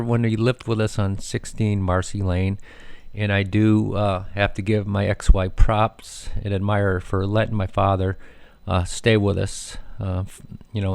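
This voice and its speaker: A man's voice: lowish voice, creaky, dry recording. A middle-aged man hosting a radio show, telling rambling family stories with many fillers and restarts.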